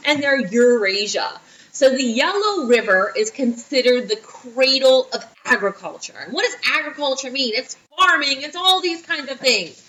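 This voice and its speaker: Animated, chatty woman teaching history. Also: high voice, moderate pace, a little hiss or hum, low-quality recording. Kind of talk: recorded history lesson.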